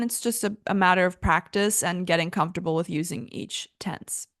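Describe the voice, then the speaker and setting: A woman's voice: lowish voice, smooth, no room sound. Young woman teacher chatting through an english lesson, laughs at her own slips, dead-dry mic. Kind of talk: casual online English lesson.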